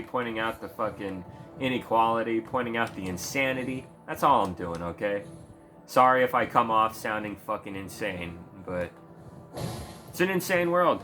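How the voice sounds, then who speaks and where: Man, casual ranting commentary, bright edgy voice, profane and sarcastic, faint music underneath. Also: lowish voice. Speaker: video creator.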